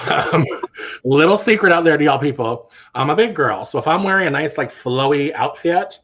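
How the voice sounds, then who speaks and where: A man, a drag queen co-host, telling sassy, animated anecdotes in casual chat. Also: a little high, normal speed, breathy edge, dull audio.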